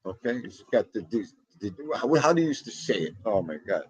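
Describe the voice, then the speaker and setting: A middle-aged man hosts a casual livestream, talking back to his viewers in a loose, chatty way. His voice sits low and has a husky edge. The sound is dry and close, with no room around it. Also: sing-song, a little fast, dry recording. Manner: chatty, laughing, talks back to the chat. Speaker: livestream host. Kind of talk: casual chat with live viewers.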